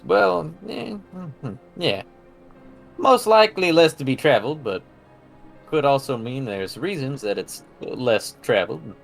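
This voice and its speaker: A man's voice: medium pitch, sing-song, measured pace, vocal fry, faint music behind. A man playing a tabletop game, casually thinking aloud about which way to go. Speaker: player.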